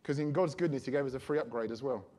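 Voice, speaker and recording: A man preaching a sermon, telling a personal story in a chatty, animated way. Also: medium pitch, rapid-fire.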